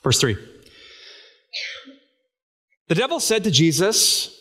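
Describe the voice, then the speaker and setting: A man's voice: medium pitch, expressive, moderate pace, pauses often, a bit bright. A man preaching a sermon as a pastor, talking in a casual, conversational way and asking his listeners rhetorical questions.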